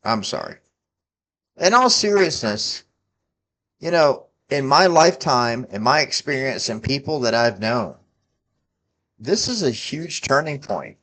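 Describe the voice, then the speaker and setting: A man's voice: medium pitch, big pitch swings, measured pace, long pauses, fairly bright tone. A man in his forties ranting about politics, heated and profane, scolding his listeners. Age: 40s. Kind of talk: angry political rant to camera.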